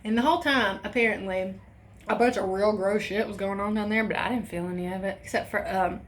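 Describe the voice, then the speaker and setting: A young woman vlogger telling a personal story in a casual, animated way, swearing freely. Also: medium pitch, fairly quick. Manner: animated, profane, laughing asides.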